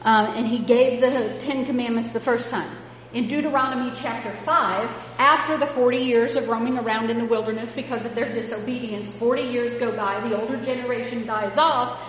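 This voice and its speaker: A woman preaching a sermon, stressing words emphatically and often rising in pitch and volume as she drives a point home. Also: fairly even intonation, a little fast, hardly any pauses. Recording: echoey hall with faint background noise.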